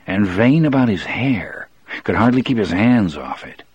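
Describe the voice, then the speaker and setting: A man narrating a novel in the first person as an audiobook, in a measured, deliberate way. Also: lowish voice, very animated, darkish tone, breathy edge, no echo, highs cut off.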